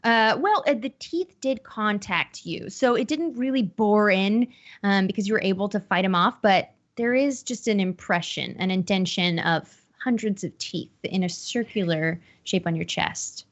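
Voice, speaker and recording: A woman's voice: mid-range voice, moderate pace. A woman narrating a tabletop horror game as game master, describing scenes with many fillers and restarts. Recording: lo-fi call audio.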